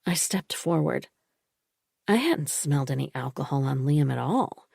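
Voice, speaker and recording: A woman reading a first-person psychological thriller audiobook in a steady, measured way. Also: low-pitched, gravelly, breathy edge, no room sound, studio quality. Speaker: audiobook narrator. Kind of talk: first-person scripted narration.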